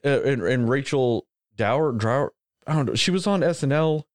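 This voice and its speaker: A man hosting a podcast, chatting casually in an animated, rambling way with frequent swearing. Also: mid-range voice, moderate pace, no echo, clean studio sound. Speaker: podcast host. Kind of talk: casual chat.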